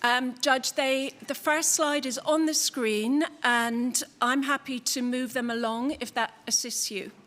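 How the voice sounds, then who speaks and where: Female conference chair, formal and gracious, slightly high voice. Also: fairly even intonation, unhurried, hardly any pauses, fairly bright tone. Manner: formal, gracious, lightly humorous. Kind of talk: introducing a speaker at a conference.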